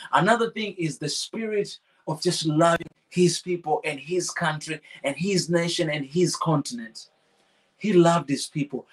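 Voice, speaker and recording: A man hosting a podcast forum who talks fervently, repeats his points for emphasis and reads out audience questions. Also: on the high side. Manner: fervent, repetitive, emphatic restarts. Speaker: podcast host. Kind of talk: passionate forum talk, reading audience questions.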